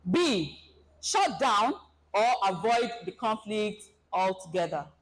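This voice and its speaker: Woman, seminar presenter, lively, dramatizes scenarios, mid-range voice. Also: medium pitch, slow pace, poor audio. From Nigeria. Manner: animated, acts out scenarios. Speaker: relationship seminar speaker. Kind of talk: presentation talk to an audience.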